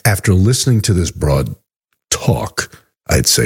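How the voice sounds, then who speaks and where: Very deep, husky man, mocking and profane. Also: takes it slowly, long pauses. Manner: profane, mocking, stammers when excited. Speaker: podcast co-host. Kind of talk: crude casual commentary.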